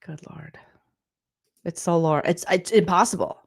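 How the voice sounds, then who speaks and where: A woman's voice: lowish voice, a little slow. A woman in her forties, a comedian, doing a sarcastic, exasperated reaction rant with plenty of swearing. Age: 40s.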